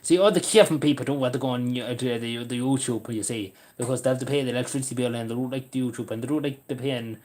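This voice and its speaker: A man from Cavan with an Irish border accent hosts a livestream, reading the chat and rambling with plenty of swearing as he talks to viewers. His mid-range voice has a darkish tone, and he talks fast with hardly any pauses.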